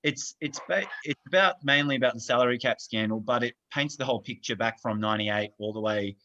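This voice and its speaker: A man's voice: medium pitch, brisk, pushed and bright, a little hiss or hum. A young man hosting an interview, asking questions with lots of hesitation and fillers. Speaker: interviewer, host. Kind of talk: podcast interview. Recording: dull lo-fi sound.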